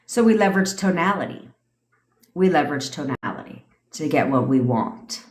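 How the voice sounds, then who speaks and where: A woman's voice: low-pitched, animated, normal speed. A woman in her thirties, a manifestation coach ranting and answering questions on a casual livestream, blunt and profane, laughing often. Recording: echoey room.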